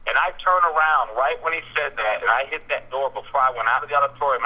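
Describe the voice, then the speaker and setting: A Southern US man hosts a casual talk radio show, his telling animated and full of restarts and repeated words. His voice sits at an ordinary pitch for a man. The sound is dull and lo-fi, like an old radio broadcast. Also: fast, hardly any pauses. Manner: animated, repeats words, acts out quotes in raised voice.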